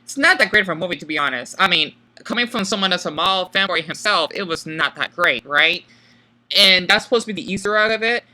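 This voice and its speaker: A man talks through a film in a loose, casual commentary. His voice is very bright and sharp-edged. He keeps a flat, monotone delivery, pausing often and leaning on filler words. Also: sits high. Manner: self-described monotone, hesitant with many fillers. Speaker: video creator.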